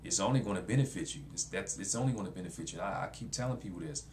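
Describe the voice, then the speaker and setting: A man's voice: low-pitched, rapid-fire, a little mellow, a little hiss or hum. A man talking casually to camera in a vlog, blunt and repetitive, with features. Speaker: vlogger.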